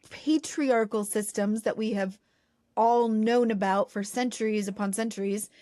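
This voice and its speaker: A woman with a slightly high voice muses on a podcast, thinking aloud and posing questions. Her voice sits close and dry in the recording. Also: dry recording. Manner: thoughtful, musing, asks rhetorical questions. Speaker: podcast co-host. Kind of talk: reflective casual chat.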